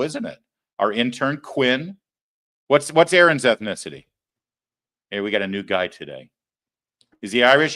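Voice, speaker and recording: A man hosting a live political commentary show, talking in a sarcastic, mocking way. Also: low-pitched. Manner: sarcastic, mocking, animated delivery. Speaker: host.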